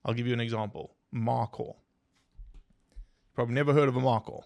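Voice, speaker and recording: A man with a medium-pitched, creaky voice talks briskly as a biologist guest on a podcast, with no echo in the recording. Animated as he explains, he tells stories, quizzes the hosts, and directs questions at listeners throughout the interview.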